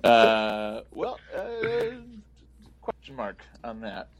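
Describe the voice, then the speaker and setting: A man speaking as a guest filmmaker on a podcast, relaxed and explaining behind-the-scenes details in casual film commentary. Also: medium pitch, very slow, crowd noise.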